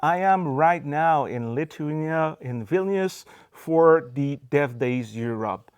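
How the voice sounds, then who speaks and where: Brief: chatty male podcast host, smooth resonant voice, dry close sound. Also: on the high side, expressive, slow pace, a little mellow, dry recording. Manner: upbeat, chatty, frequent filler words. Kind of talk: casual backstage interview. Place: conference venue in a cinema.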